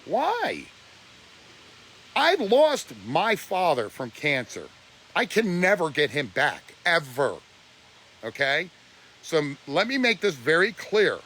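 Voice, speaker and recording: A man's voice: on the high side, huge pitch swings, slow pace, long pauses, fairly bright tone. A man ranting on a live stream, preachy and blunt, his voice close to breaking with emotion. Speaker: livestreamer.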